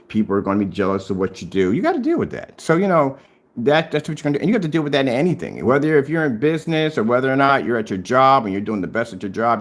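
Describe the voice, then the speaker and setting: A man in his fifties recording a confrontational vlog at home, goading a rival again and again to prove his claims. His pitch swings widely, leaping up high whenever he repeats the challenge, and he keeps a mocking, needling tone throughout. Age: 50s. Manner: taunting and repetitive, pitch jumping up on challenges. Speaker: DIY projector screen paint vlogger. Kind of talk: confrontational video rebuttal. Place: at home, showing his screen.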